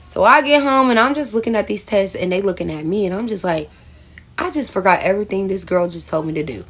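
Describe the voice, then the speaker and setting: A woman's voice: medium pitch, fast, a bit bright, slightly rough. A young adult woman telling a personal story in a casual vlog, chatty and self-mocking, often calling her viewers y'all. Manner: chatty, addresses viewers as y'all, laughs at herself. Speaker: storyteller vlogger.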